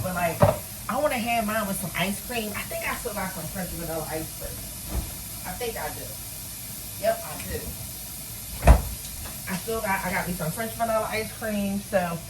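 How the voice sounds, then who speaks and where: A middle-aged home cook with a Philadelphia accent and a lowish voice films herself baking and chatting with viewers she calls "y'all." She's animated and self-deprecating in this casual vlog, though the recording is very noisy.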